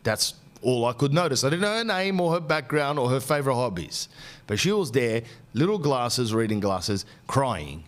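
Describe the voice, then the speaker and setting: A man in his forties hosting a podcast, telling comic stories in an animated, slangy rant. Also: mid-range voice, normal speed. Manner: ranting, animated anecdotes with slang. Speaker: podcast host. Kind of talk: comic storytelling.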